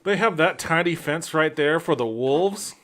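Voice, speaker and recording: A man's voice: on the high side, animated, a little slow, fairly bright tone. Sarcastic let's-play streamer man. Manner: incredulous, sarcastic running commentary.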